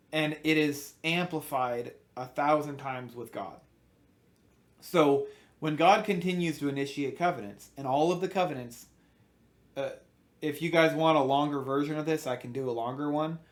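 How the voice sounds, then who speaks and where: Earnest man with a higher voice teaching scripture. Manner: earnest, emphatic, with frequent restarts. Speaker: Bible teacher. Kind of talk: informal Bible teaching monologue.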